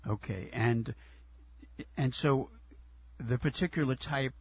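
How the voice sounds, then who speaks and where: Male radio host, husky voice, stumbles over his questions, kinda dull sound. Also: mid-range voice, no room sound. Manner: halting, repeats words as he asks questions. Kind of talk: radio interview.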